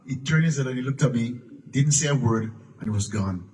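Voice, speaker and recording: A man's voice: mid-range voice, quick pace, mellow. An older man from Jamaica, telling stories as a guest at a live Q&A in a museum room. He often repeats and restarts words and breaks into bits of song. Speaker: guest musician at a Q&A. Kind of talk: live storytelling at a public Q&A. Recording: distant mic with faint room noise.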